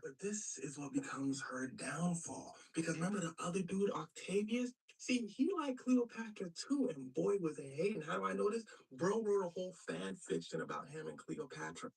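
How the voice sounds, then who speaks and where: Husky, animated man retelling history for laughs. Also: high-pitched, distant mic, poor audio. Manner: animated, jumps between voices for each character. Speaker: comedic storyteller. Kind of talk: comic history retelling in slang.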